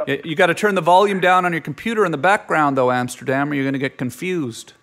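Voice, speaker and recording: A man's voice: a little high, fast, a bit bright. A man in his forties hosting a call-in show, chatting casually and teasing the caller. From Canada. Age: 40s. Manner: playful, teasing, goofy. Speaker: host taking calls. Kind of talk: casual call-in chat, joking.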